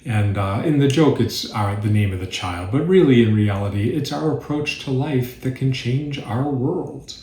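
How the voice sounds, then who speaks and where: A man leading a mindful reflection group, giving a calm, thoughtful spiritual talk with occasional restarts. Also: mid-range voice, normal speed, hardly any pauses. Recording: echoey room.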